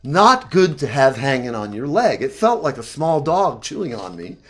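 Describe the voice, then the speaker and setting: A man in his fifties telling rambling personal stories in casual chat, animated and profane, often laughing. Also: mid-range voice, normal speed. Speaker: talk show guest.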